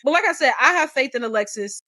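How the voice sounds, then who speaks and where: A woman co-hosting a casual book club discussion, animated and opinionated, acting out the characters' lines as she talks. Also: sits high, quick pace, dry recording, studio quality.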